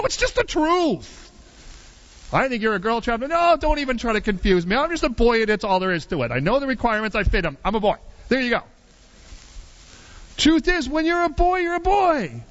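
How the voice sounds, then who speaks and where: A middle-aged man preaching a sermon through a personal story, animated and rambling, with many restarts and asides. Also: very high voice, lo-fi sound.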